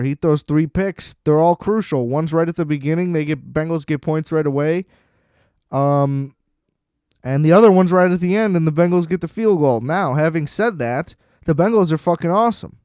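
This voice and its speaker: Smooth-voiced man ranting about sports. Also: on the high side, a little mellow, dry recording, studio quality. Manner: blunt and profane, sarcastic. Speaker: podcast host.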